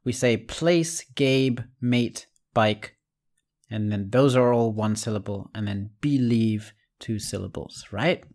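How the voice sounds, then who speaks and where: Slow, patient male English teacher. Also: lowish voice, a little mellow. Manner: explains patiently, checks in with frequent "right?"; spells out letters and repeats example words slowly. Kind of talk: recorded online lesson.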